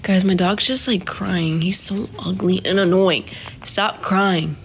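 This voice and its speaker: Young woman streamer, chatty and relaxed, reads comments aloud, talks slowly from her phone. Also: medium pitch, slight background noise. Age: 20s. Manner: chatty, reads viewer comments aloud, sings snatches of a song. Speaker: live streamer. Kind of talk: casual live stream chat. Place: home indoors.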